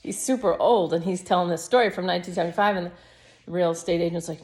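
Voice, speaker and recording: A woman's voice: on the low side, quick pace, darkish tone. A woman in her fifties, a yoga teacher, rambling reflectively through a personal video diary. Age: 50s.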